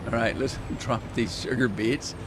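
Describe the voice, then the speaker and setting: A man with a mid-range voice and fairly even intonation talks at a measured pace over some background noise. Livestreaming a farming game, he chats casually with viewers, pokes fun at himself, and hums while he plays.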